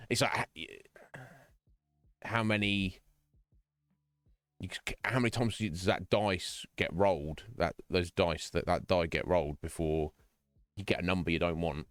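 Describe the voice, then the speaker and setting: Deep-voiced man chatting on stream. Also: fairly even intonation, measured pace, long pauses, a bit bright, no echo, clean studio sound. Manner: earnest, rambling, with frequent restarts. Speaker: streamer talking to chat. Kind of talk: casual chat. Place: home streaming room.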